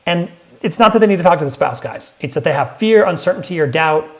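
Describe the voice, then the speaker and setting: A man's voice: lively intonation, fast talker. Emphatic man coaching on sales. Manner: emphatic, punchy, acts out prospect lines in a higher voice. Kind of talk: direct-to-camera sales lesson.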